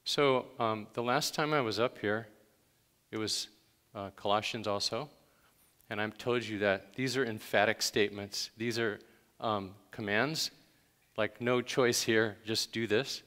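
A man's voice: fairly low pitch, fairly even intonation, unhurried, bright, forceful tone. A man preaching a conversational sermon to a church congregation, stressing each command with emphasis. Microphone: handheld microphone. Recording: long hall reverb.

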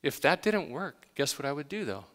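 A man's voice: a little high, very animated, normal speed, a bit bright. A male pastor giving a conversational, emphatic sermon, telling everyday stories with dramatic gasps. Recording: long hall reverb.

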